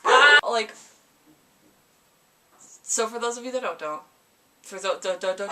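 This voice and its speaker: A woman's voice: a little high, unhurried, pauses often, noisy background. A young woman from America chatting casually to camera about library books, rambling and playfully dramatic. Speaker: book vlogger. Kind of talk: casual book chat to camera.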